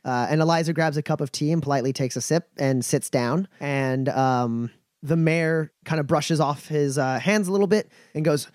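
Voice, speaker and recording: A man's voice: on the high side, moderate pace, a little mellow, dry recording. Dry-sounding man narrating a tabletop game. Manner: descriptive narration full of uh and restarts. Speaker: game master.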